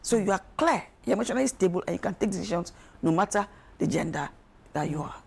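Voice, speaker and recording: A woman, speaking as an expert guest on a talk show, emphatic and animated, acting out quoted voices. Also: on the low side, fast, gravelly, slightly rough. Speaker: guest expert on emotional wellbeing. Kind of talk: studio talk show discussion.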